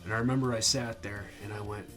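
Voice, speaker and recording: A man's voice: on the low side, steady tone, fast, a bit bright, soft background music. A young man, an army veteran, angrily telling a profane story in a casual vlog. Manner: angry, profane, acts out quoted dialogue.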